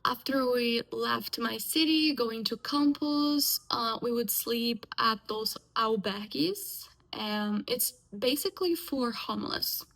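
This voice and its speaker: A young woman from Brazil with a Brazilian Portuguese accent, a native Portuguese speaker, telling her life story in a halting, reflective way with many fillers and restarts. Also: fairly high pitch, gravelly, a bit bright, poor audio. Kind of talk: personal life story told casually.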